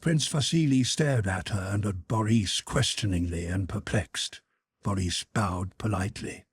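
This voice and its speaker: A man narrating an audiobook in a measured, even storytelling manner. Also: lowish voice, breathy edge, no echo, clean studio sound. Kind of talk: scripted narration.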